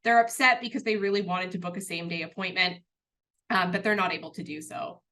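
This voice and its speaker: A woman's voice: fairly low pitch, steady tone, brisk, sharp tone. A woman presenting a workplace training webinar in an earnest, conversational way, with a touch of self-deprecating humour.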